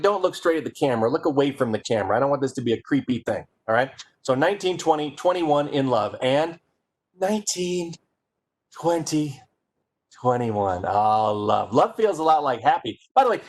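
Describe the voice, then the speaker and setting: A man giving a playful, energetic comic presentation and speaking straight to his audience. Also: on the high side. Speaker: keynote speaker. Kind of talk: comedic presentation.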